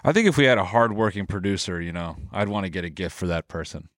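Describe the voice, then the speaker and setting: Male podcast co-host, animated pitch, dry close sound, self-mocking humor. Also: fast talker, no echo. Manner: playful, self-mocking deadpan jokes. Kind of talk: casual comedic chat.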